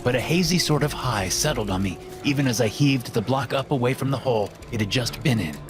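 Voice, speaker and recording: A man reading a first-person horror story in a steady, measured way, as scripted narration. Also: mid-range voice. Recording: voice-over with loud music behind.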